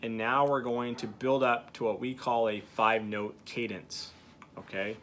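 Coaching beginners step by step on a duck call, this instructor keeps checking in with frequent "okay"s during a hands-on demonstration. He speaks at a measured pace in a steady, mid-range, fairly bright voice, with a little hiss or hum.

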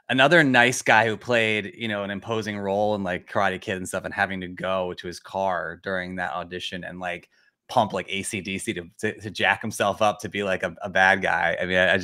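A man's voice: low voice, pushed and bright, clear, resonant tone. A man hosting a casual interview, enthusiastic and often stumbling over his words as he asks questions. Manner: enthusiastic, stammering restarts. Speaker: podcast host.

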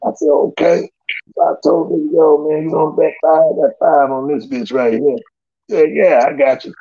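A man telling stories in casual slangy talk, animated and loose, often laughing. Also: normal speed, breathy edge, dry recording, dull audio. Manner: animated, loose slangy storytelling with big pitch jumps and laughs. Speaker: guest storyteller. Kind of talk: casual storytelling.

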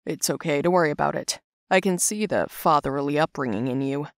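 A woman voicing a gentle, consoling older man who is a family friend in an animated story. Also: low voice, brisk, dry recording, studio quality, pitched below the performer's own voice. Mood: soothing. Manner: soft, calm, consoling.

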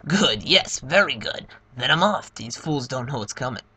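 A man's voice: mid-range voice, lively intonation, moderate pace, husky, no room sound, exaggerated voice. A man voicing blustering monster king Bowser. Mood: gloating. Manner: loud, gloating, grandiose. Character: boastful hulking male turtle-dragon king. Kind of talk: voicing game dialogue in a playthrough.

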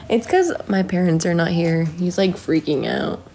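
Young woman streamer, chatty and relaxed, reads comments aloud, talks slowly from her phone. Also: fairly low pitch, creaky, a little hiss or hum. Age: 20s. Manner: chatty, reads viewer comments aloud, sings snatches of a song. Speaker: live streamer. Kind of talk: casual live stream chat. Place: home indoors.

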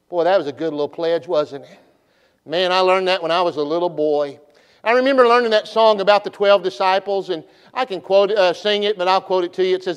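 A man's voice: high-pitched, a little fast, clear, resonant tone. A middle-aged man, a pastor preaching at a revival meeting in a church, folksy and repetitive, leading the congregation in call-and-response. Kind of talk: revival sermon. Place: church sanctuary.

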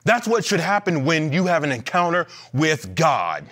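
A man preaching a sermon as pastor in a church, animated, with playful asides and acted-out quotes. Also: a little high, moderate pace. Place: church sanctuary.

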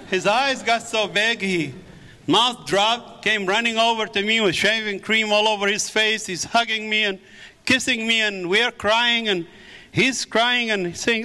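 Speaking as a guest in a big, echoey church hall, a middle-aged native Arabic speaker from the Middle East preaches his testimony to the audience with fervor and cries of praise. His voice sits high and sounds bright and forceful, at a moderate pace.

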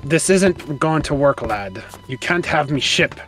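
A player doing a gruff, lively pirate captain. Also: mid-range voice, unhurried, over loud music, natural voice. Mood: stubborn. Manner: pirate talk, calls people lass and lad. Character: gruff grown pirate captain, stubborn and grumpy. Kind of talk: game role-play.

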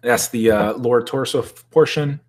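A man's voice: mid-range voice, moderate pace, noisy background. A man chatting casually on a live stream at his desk at home, joking and greeting viewers in the chat. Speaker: toy collector hosting a live stream.

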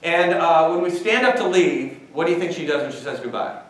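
A man's voice: a little high, brisk. Guy giving a campus talk, telling stories and quizzing the crowd, sounds far from the mic. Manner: animated storytelling, quizzes the audience. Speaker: guest speaker. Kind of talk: university lecture with anecdote. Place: large lecture hall. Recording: echoey hall, far from mic.

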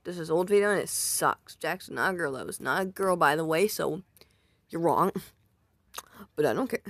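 In a dry home-mic recording, a casual YouTuber works through viewer comments, rambling, reacting aloud and mocking themselves. The voice has a medium pitch, normal speed and a fairly bright tone.

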